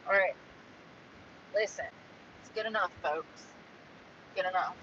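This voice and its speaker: A woman's voice: fairly low pitch, measured pace. A woman, chatting frankly to camera as a vlogger, sighing and swearing when annoyed. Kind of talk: casual chat to camera. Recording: distant, muffled, with clear background noise.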